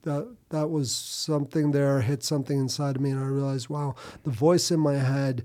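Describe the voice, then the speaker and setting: A man in relaxed podcast conversation, his voice mellow and warm. He speaks reflectively, pausing and restarting as he works through his thoughts, at a middling pitch. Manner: reflective, halting, many restarts. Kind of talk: casual podcast chat.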